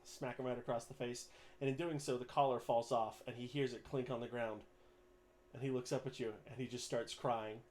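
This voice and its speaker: A man's voice: mid-range voice, little pitch movement, fairly quick, darkish tone. Man running a tabletop game. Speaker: game master.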